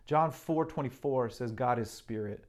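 A man's voice: mid-range voice, moderate pace. A man preaching a sermon, earnestly reading and explaining scripture with emphasis.

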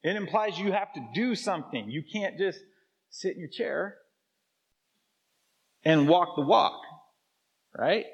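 Husky preacher in a reverberant church. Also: male voice, sits high, expressive, a little slow, long pauses, lo-fi sound. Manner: conversational preaching, frequent "okay?" and "right?" prompts. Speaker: pastor. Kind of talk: sermon. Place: church sanctuary. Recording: live church hall with long reverb.

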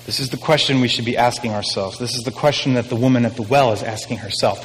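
A man's voice: medium pitch, quick pace, few pauses, long reverb tail, poor audio. A man preaching a sermon in a casual, emphatic style, repeating his key phrases.

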